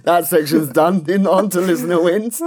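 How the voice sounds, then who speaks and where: A man co-hosting a casual podcast, telling a funny story in an excitable, loud way and laughing often. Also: high-pitched, very noisy. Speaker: podcast co-host.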